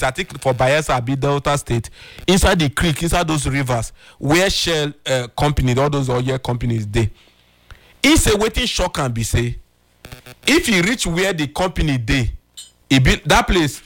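A man's voice: fairly high pitch, a bit bright, poor audio. A man with a Nigerian accent hosting a talk show, asking probing questions.

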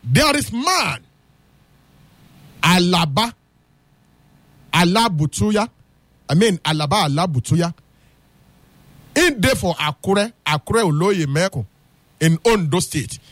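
A man's voice: high voice, slow, long pauses, dry recording. A man with a Nigerian Pidgin accent telling a real-life story, speaking straight to his listeners. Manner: animated, addresses listeners directly. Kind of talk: casual spoken storytelling.

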